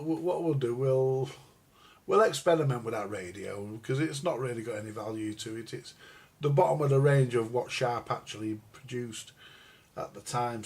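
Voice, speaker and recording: Medium in pitch, slightly rough and a little mellow, the older man's voice carries his rambling live-stream chat about records and radios. The record collector is crude and jokey and calls his viewers "guys."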